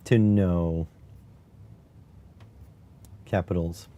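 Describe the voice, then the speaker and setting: A man streaming live, chatting casually and musing aloud in a wry, unhurried way as he types. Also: low voice, mellow, lo-fi sound. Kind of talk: casual live-stream chat while typing.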